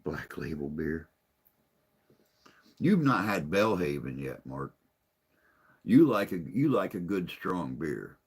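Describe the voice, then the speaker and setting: A man's voice: very deep voice, expressive, takes it slowly, long pauses, breathy edge. A man chatting casually on a live stream, rambling and folksy, a little tired and unwell.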